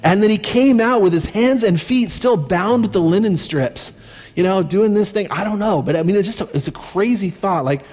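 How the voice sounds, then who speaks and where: A man preaching a sermon as a pastor, conversational and slowing down on key points. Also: high-pitched, darkish tone. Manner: conversational preaching, slows down for emphasis. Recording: long reverb from a large hall. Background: faint music.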